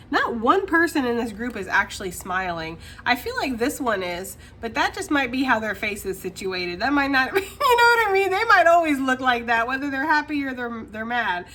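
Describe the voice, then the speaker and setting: Bright-voiced chatty woman tarot reader. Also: high-pitched, a little hiss or hum. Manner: chatty, laughs often, talks straight to the viewer. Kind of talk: casual tarot reading to camera.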